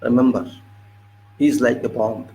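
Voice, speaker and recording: A man delivers an impassioned monologue, his gravelly voice rising in indignation as he lectures and repeats himself. A faint hum sits under the recording. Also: mid-range voice, fairly even intonation, normal speed, warm tone, poor audio. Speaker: political commentator.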